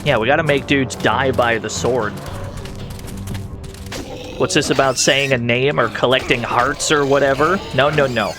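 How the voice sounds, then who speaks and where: A man's voice: medium pitch, steady tone, measured pace, long pauses. Playful man streaming a game. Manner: playful, laughs often, mock-dramatic. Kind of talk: casual gameplay commentary. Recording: game music under the voice.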